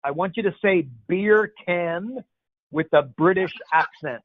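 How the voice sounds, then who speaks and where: A playful man hosting a relaxed Q&A call, joking with the callers as he talks. His voice sits a touch high. It comes through dry and tinny, like a phone line. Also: measured pace, dry recording. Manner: jokey, playful, rambling. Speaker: host. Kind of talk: casual Q&A call.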